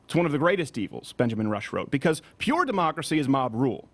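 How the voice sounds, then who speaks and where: Male talk host, quick, lively pitch, mocking, studio. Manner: animated, mocking, breaks into shouted impressions. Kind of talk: political commentary show.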